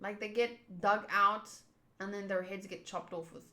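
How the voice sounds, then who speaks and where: A woman's voice: medium pitch, fairly even intonation, normal speed, pushed and bright. A young woman hosting a casual manga readthrough, chatty and self-mocking. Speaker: manga reader, channel host.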